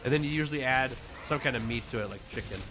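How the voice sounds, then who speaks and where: A man's voice: medium pitch, quick pace. A man streaming a game, chatting casually and playfully with his viewers, laughing often and reading their messages aloud. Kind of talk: casual livestream chat with viewers. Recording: game music playing behind.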